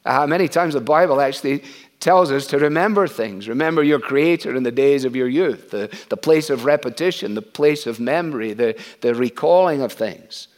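A middle-aged or older man preaching an expository sermon. He is earnest and conversational, often pausing on "uh" and asking rhetorical questions. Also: mid-range voice.

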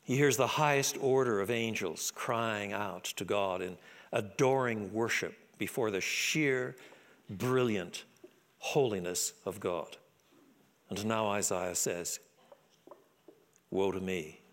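A man preaching a sermon in an expressive, dramatic way, dropping low and quiet for solemn lines. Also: slow pace.

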